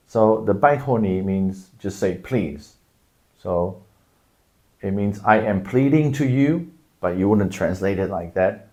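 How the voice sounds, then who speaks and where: Middle-aged male tutor, patient casual explainer, slightly low voice. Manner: explains patiently, acts out shouted examples. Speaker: language teacher. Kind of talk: casual video lesson.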